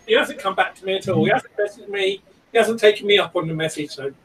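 A man's voice: high-pitched, quick pace, fairly bright tone. A man hosting a 3D printing channel, chatting in a rambling, self-deprecating way from his cramped home office. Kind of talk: casual chat. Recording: distant mic with faint room hiss.

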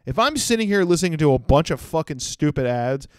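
A young man hosting a comedy podcast, ranting crudely and mocking people with quick impressions. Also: fairly high pitch, sing-song, clear, resonant tone, dry recording, studio quality. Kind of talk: solo comedic rant.

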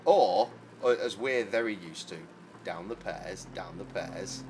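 A man's voice: low voice, a little slow, darkish tone, slight background noise. A man streaming a video game, bantering in a sweary, exasperated, wry way. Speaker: gaming streamer.

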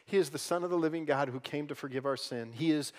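A man delivers a sermon from a church pulpit in a voice pitched a little above the usual for men. He moves between quiet, hushed moments and loud, quick, emphatic stretches of preaching. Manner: swings from soft, hushed lines to loud, fast, emphatic preaching. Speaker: pastor. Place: church sanctuary.

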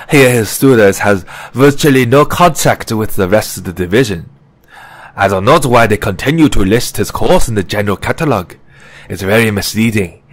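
A man's voice: mid-range voice, dry recording, voice pushed up, lightly acted. Audiobook: fussy gossipy professor type, precise and sly, voiced by a male reader. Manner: confiding, precise and slightly sarcastic. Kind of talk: audiobook character reading.

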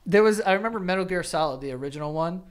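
A man's voice: high-pitched, racing, clear, resonant tone. A man co-hosting a casual podcast, chatting loosely, swearing now and then and chiming in with jokes. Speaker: podcast co-host. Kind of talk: casual chat.

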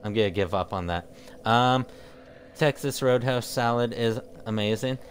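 Streaming a video game, this man chats casually with his live viewers in a rambling, jokey way, often tripping over his words. His voice sits at a medium pitch and moves at a moderate pace, with slight background noise in the recording.

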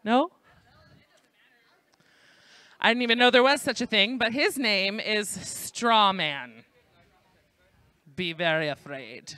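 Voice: medium pitch, pushed and bright, no echo. Jokey game-show host with a New York accent. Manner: jokey, playful asides to the audience. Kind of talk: hosting a live trivia game show. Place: indoor student event at a library.

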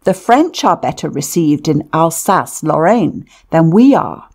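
A haughty, hot-tempered army officer barking commands in a storybook reading, as a woman reader puts him on. The voice sits low and rough, gravelly and husky, with slow, weighty delivery. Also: sing-song, darkish tone, exaggerated voice. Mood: indignant, commanding. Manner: roaring, commanding.

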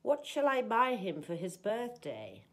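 A woman teaching an English lesson, reading example sentences and explaining grammar in a slow, deliberate way. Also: medium pitch, wildly swooping pitch.

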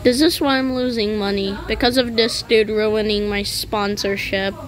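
A woman's voice: medium pitch, fairly even intonation, moderate pace, slight background noise, rough recording. A woman giving casual commentary over gameplay, rambling and joking with meme references. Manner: rambling, jokey, meme-quoting. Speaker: gaming channel host.

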